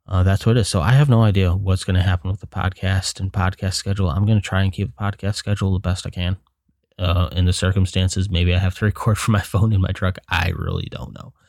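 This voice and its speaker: Gravelly, low-voiced man venting. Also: darkish tone, dry recording, clean studio sound. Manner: frank, rambling venting with profanity. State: frustrated and low. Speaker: podcast host. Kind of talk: solo podcast monologue.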